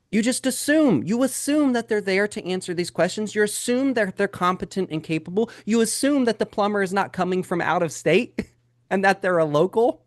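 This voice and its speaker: Speaking straight to his viewers, whom he calls "guys," a real estate sales trainer leads a live sales webinar full of rhetorical questions. His voice is high, and the clean studio audio has no echo.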